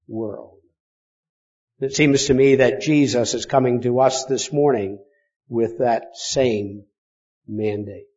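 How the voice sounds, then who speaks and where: A man preaching a sermon as pastor, speaking with deliberate pauses and stressing key words. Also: mid-range voice, a little mellow, lo-fi sound. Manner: slow, deliberate delivery with pauses for emphasis.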